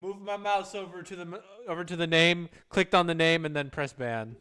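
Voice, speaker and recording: A man's voice: high-pitched, steady tone, brisk, bright, forceful tone, clear, resonant tone. A man chatting casually on a live stream, rambling and stumbling over repeated words.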